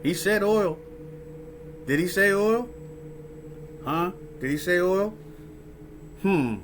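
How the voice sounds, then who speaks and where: A man's voice: sits high, expressive, slow, slight background noise. A man hosting a casual reaction commentary, rambling and profane, often tagging lines with "right?" and "huh?". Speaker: host reacting to a clip.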